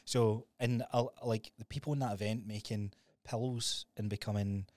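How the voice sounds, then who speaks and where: A man co-hosting a podcast, telling stories in a sweary, animated, casual way. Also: on the low side, moderate pace, dry recording. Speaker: podcast co-host.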